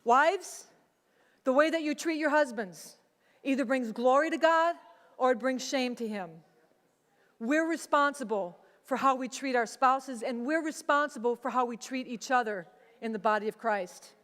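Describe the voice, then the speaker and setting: A woman's voice: high voice, moderate pace, a bit bright, big-room sound. A woman pastor preaching a sermon in a conversational way, slipping into quoted voices.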